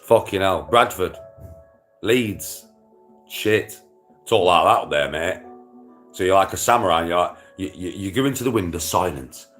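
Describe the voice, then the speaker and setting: A man with a lowish voice rambles through casual chat to his viewers, swearing freely and laughing between thoughts. Faint music plays in the background. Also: normal speed, pauses often, a bit bright. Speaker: livestreamer.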